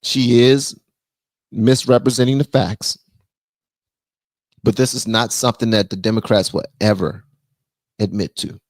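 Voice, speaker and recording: A man hosting a casual political live stream, blunt and animated, reading viewer messages aloud. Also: fairly low pitch, measured pace, pauses often, dry recording. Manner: blunt, animated, reads super chats aloud.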